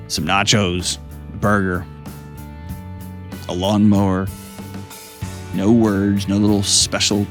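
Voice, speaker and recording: A man's voice: deep voice, gravelly. A man hosting a call-in advice show, talking in an earnest, coaching way and often repeating his phrases. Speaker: host giving advice.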